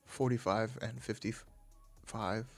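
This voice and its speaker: A man's voice: lowish voice, fairly even intonation, takes it slowly, faint music behind. A man talking casually as a host, rambling and swearing, often stopping to correct himself. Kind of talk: casual chat about fights.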